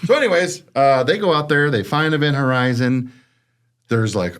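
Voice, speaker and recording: A man's voice: medium pitch, animated, moderate pace, fairly bright tone, smooth. A man co-hosting a casual horror podcast chat, acting out quoted lines as he talks and swearing freely. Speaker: podcast co-host.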